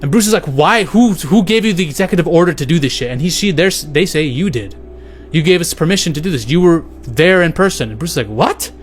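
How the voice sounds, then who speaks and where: A young man with a slightly high voice runs through a speculative story in a loose, swearing, offhand way. He jumps in and out of paraphrased character lines as he goes. Faint music sits quietly beneath him. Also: animated, fast talker. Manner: loose, profane, acts out quotes in paraphrase. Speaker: movie speculation YouTuber. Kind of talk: casual plot-theory retelling.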